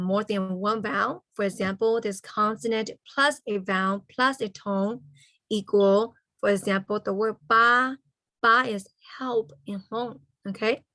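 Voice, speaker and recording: A woman teaching a language lesson over a video call. Her voice sits at an ordinary middle pitch, and the sound is dry and close with no room around it. She spells things out slowly and keeps checking in with "okay?" after each point. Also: fairly bright tone, no echo. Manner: slow, careful spelling-out of letters and sounds.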